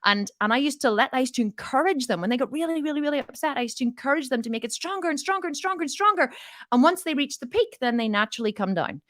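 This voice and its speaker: A woman's voice: high-pitched, lively intonation, quick pace, a bit bright. A woman coaching on mindset in a casual, frank way, telling stories and acting out both sides of conversations.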